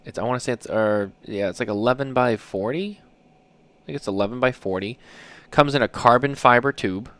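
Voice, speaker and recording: A man's voice: medium pitch, moderate pace, a bit bright. A man in his thirties co-hosting a podcast, telling stories in a loose, rambling way with lots of fillers. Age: 30s. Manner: rambling storyteller, many fillers. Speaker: podcast co-host. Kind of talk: casual chat.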